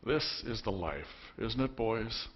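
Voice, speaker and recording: A man's voice: on the low side, expressive, takes it slowly, husky, muffled recording, full character voice. A man voicing Zebedee, a contented older fisherman giving his sons a familiar hearty speech.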